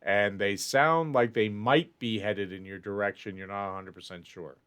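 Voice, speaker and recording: A man narrating as dungeon master, voicing the characters in quick asides. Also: on the low side, a bit bright, clean tone. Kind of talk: narrating a tabletop game.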